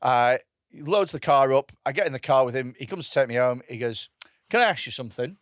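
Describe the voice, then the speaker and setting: A man's voice: mid-range voice, a little fast, clean tone, no echo, clean studio sound. A British man co-hosting a comedy podcast, telling rambling anecdotes with plenty of swearing. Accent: British English. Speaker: podcast co-host. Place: podcast studio.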